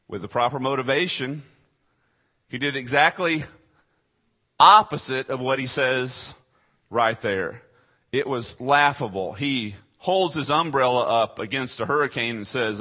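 Husky male pastor, dramatic sermon delivery, muffled low-fi sound, mid pitch. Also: measured pace. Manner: dramatic swings between quiet asides and raised emphatic lines.

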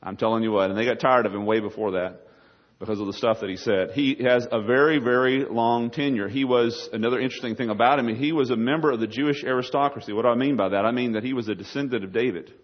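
A man's voice: mid-range voice, fast. A man preaching a sermon, folksy and jokey, talking straight to his listeners and telling stories. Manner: folksy, jokey, talks to the audience. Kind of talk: sermon with storytelling. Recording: dull lo-fi recording.

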